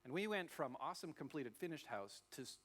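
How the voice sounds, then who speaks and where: A man in middle age delivers a church sermon as pastor. His voice sits a little high and swoops up and down, and he slips into playful character voices while he tells stories. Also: fairly quick. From Australia. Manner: animated storytelling, acting out voices.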